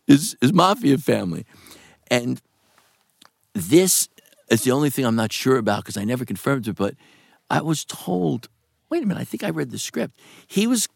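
Gravelly New man telling stories. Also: dry recording. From New York. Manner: animated, swings pitch for quoted voices. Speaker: actor guest. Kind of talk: casual storytelling interview.

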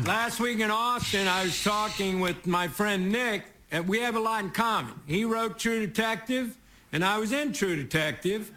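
A man from Texas delivers a meandering comedy monologue in a fairly high voice, mocking himself and chuckling at his own jokes. It comes from a noisy broadcast clip, with the studio audience's laughter rising behind him. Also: animated, slow pace, sharp tone. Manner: rambling, self-mocking, chuckles through his punchlines. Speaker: guest host giving a comedy monologue. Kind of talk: stand-up monologue. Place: TV studio stage with a live audience.

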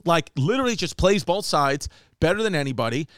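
Animated storytelling man, smooth clear voice. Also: sits high, fairly quick, dry recording, clean studio sound. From New York. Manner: animated storyteller, acts out quotes. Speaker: comedian podcast host. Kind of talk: casual storytelling chat.

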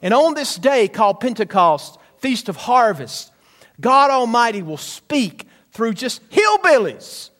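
A man's voice: extremely high pitch, sing-song, measured pace, fairly bright tone. A male pastor preaching a sermon, asking the congregation questions as he goes.

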